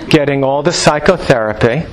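Animated man lecturing to a room. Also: fairly high pitch, normal speed, rough recording. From New York. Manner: animated, jokey, rhetorical questions. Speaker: lecturer on Chinese medicine. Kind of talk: live lecture to practitioners.

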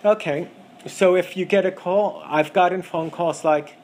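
A man teaching a class on acupuncture diagnosis, talking in an animated way and mimicking callers' voices to make his points. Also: high-pitched, unhurried, a little hiss or hum. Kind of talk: lecture with acted examples.

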